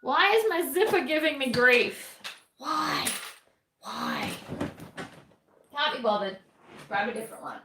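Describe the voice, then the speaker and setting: A woman's voice: high-pitched, animated, unhurried, long pauses, reverberant, background noise. A woman with an Australian accent chatting casually while she sews, answering viewer comments bluntly. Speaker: sewing livestream host. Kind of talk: casual chat while sewing.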